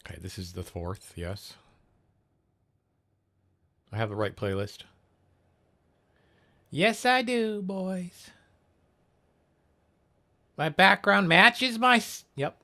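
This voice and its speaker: A man's voice: very animated, slow pace, long pauses, pushed and bright. A young man chatting casually on a livestream, crude and rambling, mocking himself. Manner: crude, rambling, self-mocking, low-key. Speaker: streamer.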